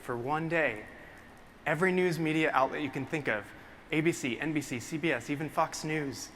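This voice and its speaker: A young man, a photographer, telling an excited and emotional story to a live audience, getting choked up as he talks. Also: on the high side, moderate pace. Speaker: photographer presenting his work. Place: large hall with a live audience. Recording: long hall reverb, faint room noise.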